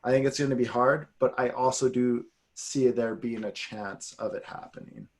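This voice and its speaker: A man's voice: medium pitch, normal speed. Rambling man on a sports podcast. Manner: rambling, animated, with tangents. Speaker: podcast co-host. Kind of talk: casual sports chat.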